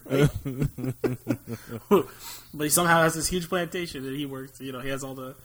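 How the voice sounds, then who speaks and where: A man's voice: fairly high pitch, fairly even intonation, fairly quick, long pauses, fairly bright tone. A young American man co-hosting a podcast, chatting casually about movies with a rambling, jokey manner and frequent laughs. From United States. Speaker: podcast co-host.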